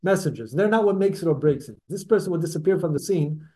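A man's voice: a little high, lively intonation, quick pace, dark tone. A man teaching a Torah class to a small group, talking conversationally, correcting himself mid-sentence and putting questions to his listeners. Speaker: religious teacher.

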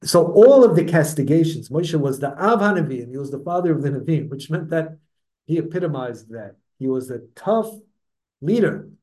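Animated high-voiced man teaching Torah. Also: moderate pace, rough recording. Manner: animated, repeats words while searching. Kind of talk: Torah class lecture.

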